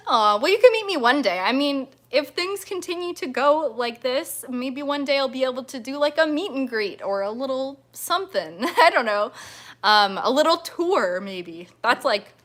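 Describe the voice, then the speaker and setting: A woman's voice: high voice, lively intonation, moderate pace, fairly bright tone. A young woman hosting a casual livestream as a mermaid performer, bubbly and giggly, gushing with thanks as she chats with viewers. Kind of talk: casual livestream chat reading viewer comments.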